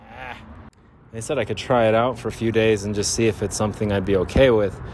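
A man's voice: on the low side, steady tone, quick pace, a little mellow. A man hosting his podcast, rambling and joking about himself in a nasal voice, recorded outdoors by a freeway. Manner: rambling, self-deprecating, jokey. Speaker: podcast host. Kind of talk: rambling casual monologue. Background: traffic and motorcycles.

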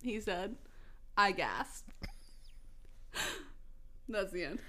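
A woman's voice: medium pitch, animated, drawn-out words, pushed and bright. A young woman doing a comedic dramatic reading of fan fiction, giggly and often breaking into laughter, sometimes slipping into a valley-girl voice. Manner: slips into a put-on valley-girl voice.

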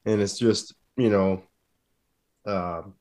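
A man's voice: on the low side, steady tone, slow, a little mellow. A man co-hosting a podcast, talking about his work in a laid-back way and swearing casually. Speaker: podcast co-host. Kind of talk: casual chat.

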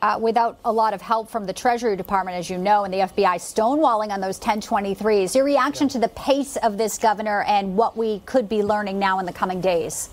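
A woman's voice: mid-range voice, slight background noise. A woman hosting a news interview, introducing a guest and asking questions. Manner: polished, measured. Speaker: news host.

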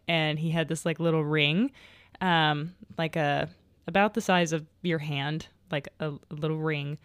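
A woman's voice: low voice, steady tone, measured pace, smooth, no echo, studio quality. A young adult woman hosting a podcast alone, telling stories in a rambling, casual way, full of fillers and frequent laughs. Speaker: podcast host. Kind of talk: casual solo podcast chat.

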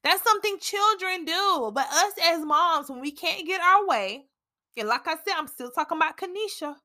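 A woman's voice: extremely high pitch, animated, normal speed, bright, forceful tone. A young woman, hosting a casual faith podcast and talking candidly, with dramatic asides to herself. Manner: candid, preachy, with dramatic self-talk asides. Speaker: podcast host.

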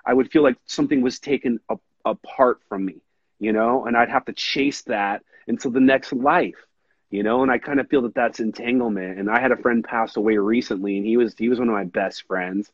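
Husky rambling man saying dude. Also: mid-range voice, a little fast, no echo, highs cut off. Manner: rambling, earnest, says dude a lot. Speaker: podcast host. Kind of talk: casual chat.

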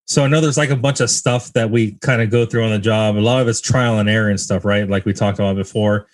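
A man's voice: lowish voice, fairly even intonation, no echo. A man co-hosting a podcast, talking casually and asking his guest questions. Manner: quick, casual, asks questions. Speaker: podcast co-host.

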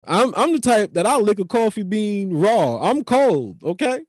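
A man's voice: high-pitched, measured pace, dry recording, studio quality. Profane New man telling stories. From New York. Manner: profane, animated, rambling. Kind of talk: comic storytelling monologue.

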